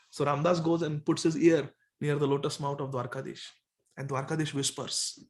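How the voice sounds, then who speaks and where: A man tells a devotional story in sermon style. His voice sits high, and he speaks with animation and frequent chuckles. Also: steady tone, moderate pace.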